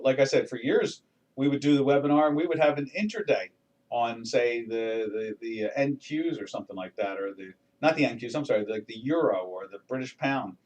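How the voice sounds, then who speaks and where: A man's voice: mid-range voice, expressive, moderate pace, darkish tone, distant mic. An older man hosting a live trading webinar, talking through charts in a folksy, rambling way with many restarts and fillers. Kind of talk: casual live market commentary.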